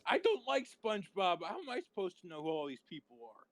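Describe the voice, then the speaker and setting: A man's voice: high-pitched, very animated, brisk, fairly bright tone, dry recording. A man playing the party host in an improv game, throwing out incredulous guesses about his guests. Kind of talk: improv comedy.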